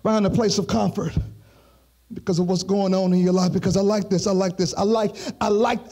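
A man's voice: sits high, steady tone, a little fast, warm tone. A male pastor preaching a sermon with a musical, sing-song delivery, repeating phrases for emphasis. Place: church streamed online.

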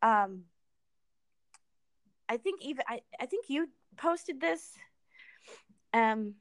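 A middle-aged woman speaking as a guest in a casual conversation, pausing often and restarting her sentences. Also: on the high side, expressive, no room sound, studio quality. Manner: halting, many fillers and restarts.

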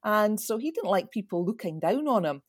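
A woman's voice: medium pitch, very animated, fairly quick, dry recording, studio quality. A Scottish woman explaining things at length in a casual chat, a bit like a lecture.

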